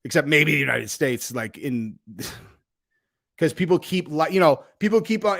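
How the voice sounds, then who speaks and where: A man hosting a casual livestream, rambling loosely with frequent fillers and swings from loud to quiet. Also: on the high side, unhurried, gravelly. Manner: animated swings in loudness. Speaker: host.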